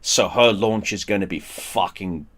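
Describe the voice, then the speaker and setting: A man hosting a stream, telling a story in casual chat. He swears a lot, gets animated and often restarts his sentences. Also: sits low, unhurried. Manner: profane, animated, with frequent restarts. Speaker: streamer host.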